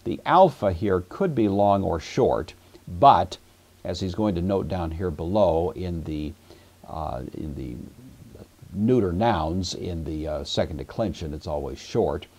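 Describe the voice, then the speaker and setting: Deep-voiced man teaching a patient grammar lesson. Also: animated, unhurried, darkish tone, slightly rough. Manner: patient, methodical explaining with fillers. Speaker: Greek teacher. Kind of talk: classroom grammar lecture.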